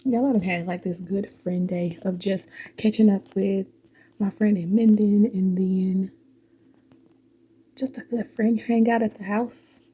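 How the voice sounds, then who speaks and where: A woman's voice: mid-range voice, fairly even intonation, a little slow, slight background noise. A woman chatting casually and reflectively as a vlogger while driving, laughing often. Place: in a car.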